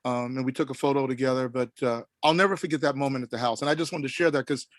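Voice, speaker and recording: A middle-aged man from Oklahoma telling a story on a panel, animated and rambling with many restarts. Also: medium pitch, very fast, no echo. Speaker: panel guest.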